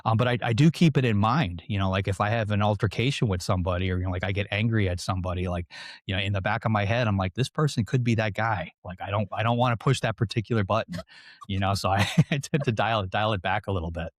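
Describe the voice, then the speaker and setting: Fast-talking low-voiced man. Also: no echo, studio quality. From United States. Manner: rambling, filler-heavy, self-deprecating humor. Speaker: guest author. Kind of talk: casual interview talk.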